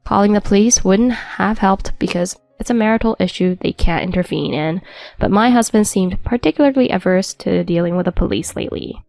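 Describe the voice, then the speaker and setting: A woman's voice: mid-range voice, fairly quick, gravelly, a little mellow, no room sound. Brief: woman narrator, scripted first-person story, wry and matter-of-fact, faint music underneath.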